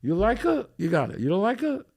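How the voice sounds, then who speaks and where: A man's voice: high-pitched, brisk, vocal fry, husky. An older man hosting a podcast, telling a story in casual chat and acting out what everyone said, laughing often. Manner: animated storyteller, acts out quotes, laughs a lot. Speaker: podcast host.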